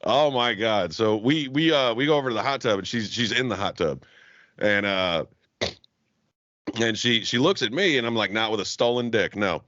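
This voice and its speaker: A young man co-hosting a podcast tells a long, meandering story in casual talk, full of constant swearing and frequent laughter. His animated mid-range voice is a bit bright and moves at a moderate pace. There's no room sound, and the audio is dull and lo-fi.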